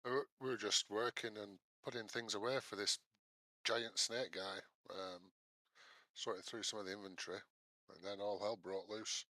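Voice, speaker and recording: Low-voiced man, bright tone, quiet offhand role-play talk. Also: steady tone, normal speed, dry recording. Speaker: player. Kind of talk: tabletop role-play chat.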